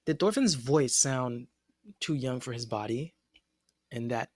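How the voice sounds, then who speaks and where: A man's voice: mid-range voice, measured pace, no room sound. Hesitant man musing on podcast. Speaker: anime discussion podcast co-host. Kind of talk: casual chat.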